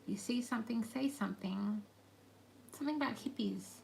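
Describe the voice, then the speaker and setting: Soft-spoken woman with a creaky voice. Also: a little high, slight background noise, poor audio. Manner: halting and meandering, with murmured asides. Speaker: channeler. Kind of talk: spoken channeled messages.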